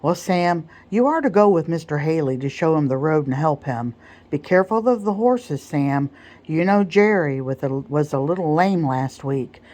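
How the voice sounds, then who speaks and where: A woman's voice: deep voice, lively intonation, normal speed, mellow. A woman playing a stern, proper mistress. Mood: instructing. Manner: scolding, proper, firm. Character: stern genteel plantation mistress. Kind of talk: whispered role-play.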